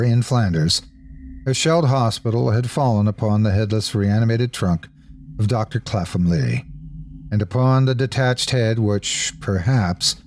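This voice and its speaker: A man's voice: lowish voice, darkish tone, a little hiss or hum. Man narrating a horror tale. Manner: measured, shifting pace for suspense. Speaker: host and narrator. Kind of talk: dramatic horror story narration.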